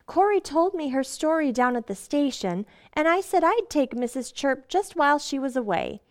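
An actress playing a gentle, patient young wife and mother who soothes everyone, in 1940s radio acting. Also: high voice, very animated, normal speed. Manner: gentle, soothing, calling people dear.

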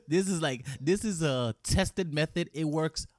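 A man talking in an easy, casual chat with a somewhat high voice. He is animated and slips into acted-out gym banter. The sound is dry and close. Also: a little slow, no echo. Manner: animated, acts out gym banter in quoted lines.

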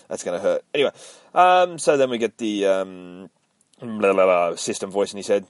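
A man with a fairly low voice tells a comic book story like a rowdy mate, swearing freely and punching in his own sound effects. He talks from inside his parked van. The sound is dry, with almost no room around it. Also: normal speed, dry recording. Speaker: podcast host. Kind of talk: casual comic book recap.

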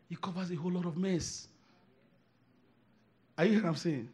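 A man preaching a sermon, emphatic, repeating phrases and swinging from hushed asides to shouted declarations. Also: high-pitched, brisk, long pauses, breathy edge.

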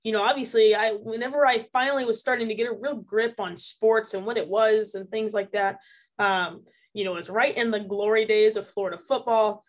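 A young woman reporter who is a podcast guest, reminiscing in a relaxed way with lots of fillers. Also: mid-range voice, fairly quick. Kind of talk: casual interview chat.

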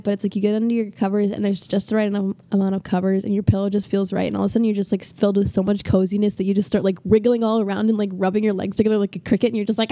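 A woman's voice: mid-range voice, warm tone, no room sound. A teenage girl co-hosting a casual family podcast, bubbly and giggly with lots of filler. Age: teens. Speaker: podcast co-host, daughter.

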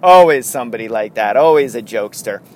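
A man's voice: medium pitch, quick pace, slight background noise. Guy rambling thru stories, laughs a lot, voice jumps all over. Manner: rambling, laughs often, animated. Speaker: podcast host. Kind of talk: casual storytelling chat.

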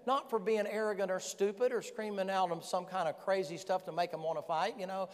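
A man preaching a sermon as pastor, folksy and animated, firing rhetorical questions at the congregation. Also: high-pitched, fast, hardly any pauses. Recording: long reverb in a large hall.

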